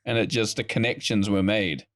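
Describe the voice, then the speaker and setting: A man's voice: on the low side, fairly even intonation, normal speed, a bit bright, no echo, studio quality. A man co-hosting a casual podcast, rambling in silly bursts and restarting his sentences. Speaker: podcast co-host.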